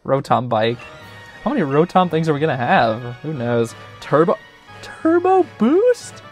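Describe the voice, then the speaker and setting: A man's voice: medium pitch, lively intonation, normal speed, soft background music. A young man hosting a gaming channel, giving chatty, joking gameplay commentary full of filler words.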